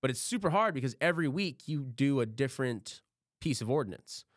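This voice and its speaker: A man talks fast and loose on a podcast, piling up stories and swearing as he goes. His voice sits at an ordinary pitch, recorded close and dry with no room sound. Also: expressive, dry recording. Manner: rambling storyteller, swears freely, acts out quotes. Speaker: podcast host. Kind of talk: casual chat.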